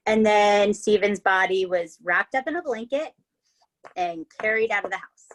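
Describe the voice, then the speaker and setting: A woman's voice: mid-range voice, normal speed, slight background noise. Woman podcast host with a mid-range voice, chatty and casual, who swears as she spins a true-crime tale. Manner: chatty, swears, tags lines with "right?" and "okay?".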